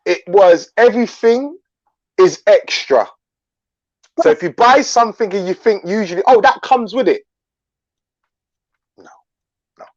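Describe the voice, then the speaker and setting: A man with a London accent hosting a live chat, telling stories in an animated, slangy way. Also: sits high, lo-fi sound. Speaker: livestream host.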